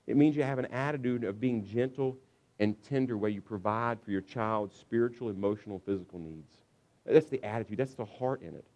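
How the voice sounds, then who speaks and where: A pastor gives a conversational sermon on parenting, speaking animatedly and briefly acting out shouting parents. His voice is lowish and his delivery brisk.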